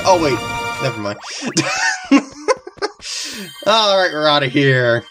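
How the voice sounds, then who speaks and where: Giggly, excitable gameplay commentator. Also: medium pitch, slow pace, pauses often. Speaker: video game commentator. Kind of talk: casual let's-play commentary. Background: game music.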